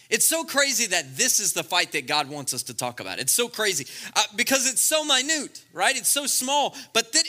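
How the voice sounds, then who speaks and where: A man delivers a comic sermon. His voice sits high and swings widely in pitch, with a very bright, sharp edge. He plays to the crowd and slips into funny voices for the scenes he retells. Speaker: pastor. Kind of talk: lively comedic sermon.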